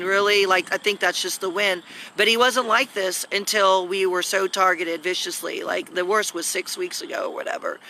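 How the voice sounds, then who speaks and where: A woman's voice: mid-range voice, sharp tone, slight background noise. A woman rambling and scolding through a live video at home, recorded on a phone. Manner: agitated, scolding, talks in long rambling runs.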